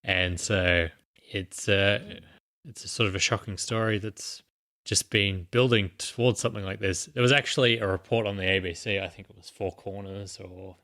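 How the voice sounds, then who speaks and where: Male podcast co-host, lowish bright voice, rambling casual explainer. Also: moderate pace. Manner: rambling explainer with many fillers and restarts. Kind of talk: casual chat.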